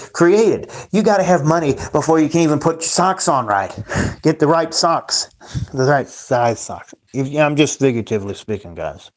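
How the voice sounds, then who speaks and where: Man ranting on a livestream. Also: mid-range voice. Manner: ranting, repetitive, addresses chat as guys. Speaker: livestream host. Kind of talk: rambling livestream monologue.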